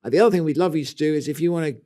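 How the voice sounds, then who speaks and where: A man's voice: a little high, very fast, dark tone. Playful British man co-hosting a podcast. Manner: playful, rambling, self-mocking. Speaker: co-host. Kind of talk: casual podcast chat.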